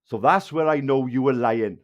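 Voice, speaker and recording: A man's voice: medium pitch, moderate pace. Angry man with a Valleys accent. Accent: South Wales Valleys. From Wales. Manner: angry, insulting, heavy swearing. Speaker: livestreamer. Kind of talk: ranting livestream address to viewers.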